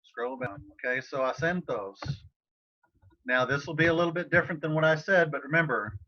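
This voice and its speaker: A man's voice: fairly high pitch, a little fast, pushed and bright. A man teaching a Spanish class over a video call, talking casually and encouragingly to students by name. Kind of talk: online class tutoring session. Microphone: computer mic on a video call. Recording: slightly dull video call audio.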